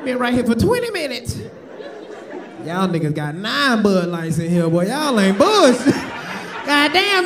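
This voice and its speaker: Southern guy comic roasting the crowd, real high voice jumping all over, loud club crowd laughing behind him. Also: huge pitch swings, measured pace, noisy background. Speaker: stand-up comedian. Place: comedy club ballroom on stage. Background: audience laughter.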